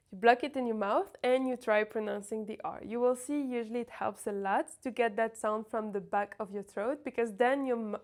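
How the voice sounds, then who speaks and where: A woman teaching pronunciation, sounding out words slowly and carefully to demonstrate each sound. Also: fairly high pitch, darkish tone. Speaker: French teacher. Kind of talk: pronunciation lesson.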